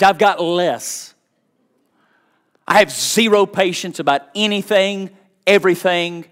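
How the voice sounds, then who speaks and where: Middle-aged male pastor, fervent storytelling preacher, higher-pitched voice, hushed to shouting. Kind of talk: sermon with storytelling.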